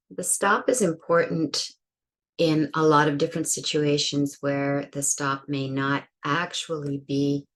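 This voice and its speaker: A woman's voice: low voice, fairly bright tone. A woman giving an English pronunciation lesson, demonstrating sounds and example words and thinking aloud with fillers. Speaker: pronunciation teacher.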